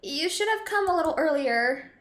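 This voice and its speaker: A woman's voice: high-pitched, expressive, normal speed, reverberant, voice pushed up. A woman reading as a brusque, flustered schoolgirl. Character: brusque, flustered teenage girl.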